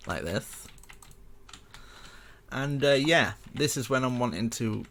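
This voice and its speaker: A man's voice: medium pitch, animated, slow pace, fairly bright tone, slight background noise. A young man casually walking viewers through a building tutorial step by step, chatty and rambling with self-mocking asides.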